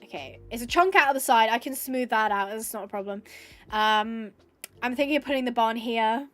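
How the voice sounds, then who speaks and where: A young woman with a bright, high voice rambles as she streams a building game, thinking out loud and gushing with thanks. She sounds a little teary and snotty. Faint music plays underneath. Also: brisk. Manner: chatty, thinks aloud, gushes with thanks. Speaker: Minecraft streamer. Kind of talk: casual live-stream chat while gaming.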